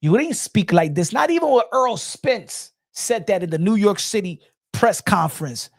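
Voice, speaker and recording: Brief: an opinionated man on a boxing stream, talking emphatically in a dry, close sound. His delivery is animated and forceful as he makes his case. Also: sits high, normal speed, vocal fry, dry recording. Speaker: boxing commentary host. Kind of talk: casual livestream commentary.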